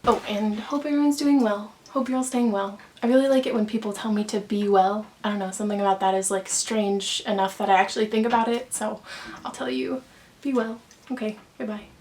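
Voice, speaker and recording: A woman's voice: medium pitch, steady tone, fairly quick, few pauses, a little mellow, a little hiss or hum. A young woman, chatting casually and gushing about books she loves, full of "like" fillers. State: out of breath. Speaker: book vlogger. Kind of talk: casual book recommendations.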